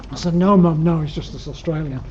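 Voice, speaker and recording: At normal speed and in a slightly high voice, an older man with a Yorkshire accent gives a rambling, dryly humorous slide-show talk to a club, with plenty of ums. He's a guest speaker at an alpine club, in a lecture room. The recording is dull lo-fi with faint noise.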